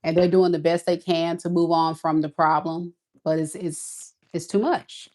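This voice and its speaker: A woman's voice: on the low side, little pitch movement, normal speed, warm tone. A woman giving a casual tarot reading, talking in a blunt, sassy, emphatic way. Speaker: tarot reader.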